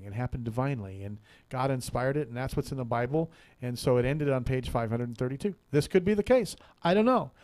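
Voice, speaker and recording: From a radio studio, a male talk show host chats casually and tells a rambling joke, laughing frequently and repeating words along the way. His voice is mid-range with a darkish tone.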